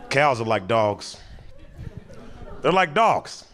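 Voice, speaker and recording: A man's voice: medium pitch, a bit bright. A young man doing stand-up comedy, telling stories in a loose, conversational way and laughing often. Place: comedy stage with audience.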